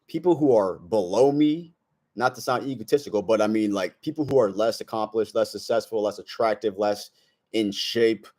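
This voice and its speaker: A man's voice: on the low side, normal speed, darkish tone. Brash young man saying bro a lot. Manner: brash slangy storytelling, says bro a lot. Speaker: self-improvement vlogger. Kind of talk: casual monologue to camera.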